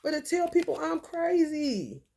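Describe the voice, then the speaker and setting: A woman's voice: high-pitched, big pitch swings, measured pace, gravelly, mellow, a little hiss or hum. A woman venting in a casual monologue, telling a story bluntly and profanely with lots of rhetorical questions. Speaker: vlogger.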